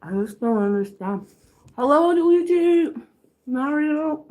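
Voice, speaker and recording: A woman's voice: sits high, lively intonation, slow, a little mellow, rough recording. A middle-aged woman hosting a casual eating livestream at home, rambling and chatting to her viewers between bites. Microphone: camera on a stand.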